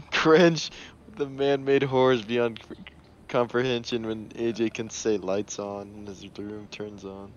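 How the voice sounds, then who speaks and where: A man's voice: medium pitch, fairly even intonation, slow, lo-fi sound. A young man teasing his friends in casual gaming banter over voice chat. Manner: teasing, giggly, loose. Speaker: gamer.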